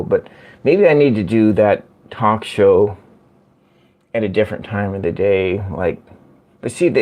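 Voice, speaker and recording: A man hosting a casual livestream from home, chatting slowly and rambling as he answers viewer comments. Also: on the low side, dark tone. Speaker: livestream host. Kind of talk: casual live-stream chat with viewers. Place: at home by a window.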